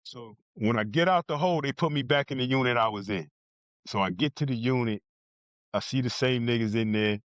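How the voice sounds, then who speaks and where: A man's voice: mid-range voice, fairly quick, dry recording, highs cut off. A man from New Jersey telling a blunt, profane story as a podcast guest and acting out other people's lines. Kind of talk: casual storytelling.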